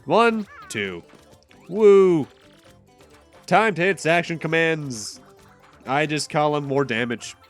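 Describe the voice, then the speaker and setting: A man's voice: on the high side, animated, slow pace, fairly bright tone. A man from Massachusetts streaming a game, chatting casually with jokes and rambling asides over faint game music. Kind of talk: casual gameplay commentary.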